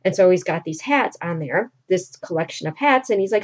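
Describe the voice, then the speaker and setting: A woman's voice: on the low side, animated, a little fast. Chatty woman teacher, lo-fi recording. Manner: chatty storytelling with many fillers. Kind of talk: casual lesson recap. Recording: dull lo-fi recording.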